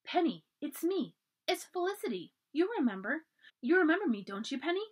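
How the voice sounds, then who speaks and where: A woman voicing a gentle, eager young colonial girl in a storybook reading, speaking softly and coaxingly. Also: sits high, sing-song, fairly quick, voice pushed up. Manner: soft, coaxing, pleading.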